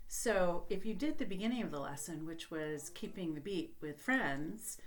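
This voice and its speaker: A woman's voice: medium pitch, animated. Patient sing-song woman teaching kids music. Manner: slow, patient, sing-song delivery for young children. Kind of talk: children's music lesson.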